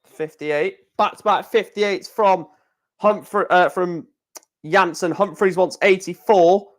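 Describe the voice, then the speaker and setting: A man's voice: high voice, steady tone, takes it slowly. A man hosting a live darts watchalong, calling out scores in short bursts between chatty asides. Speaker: stream host.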